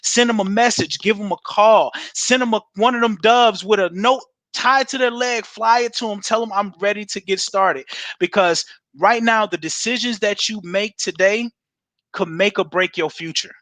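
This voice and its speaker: A man giving an energetic, preacher-like sales pitch over a video call. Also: moderate pace, dry recording. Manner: fired up, preacher-like exhortation. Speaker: guest presenter.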